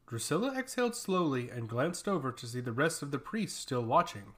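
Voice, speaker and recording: A man narrating a fantasy story with a steady, dramatic reading. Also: a little high, normal speed, few pauses.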